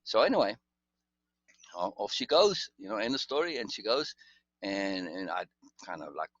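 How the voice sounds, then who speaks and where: A man's voice: on the low side, lively intonation, normal speed, a bit bright, dry recording, lo-fi sound. A man telling a long personal story in casual conversation, rambling with restarts and asides. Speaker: guest storyteller.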